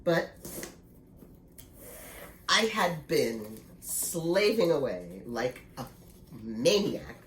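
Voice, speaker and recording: A woman's voice: low-pitched, sing-song, drawn-out words, pauses often. A woman in her sixties, slightly congested, chatting casually and laughing easily in a knitting vlog. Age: 60s. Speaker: knitting vlogger. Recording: echoey room with faint noise.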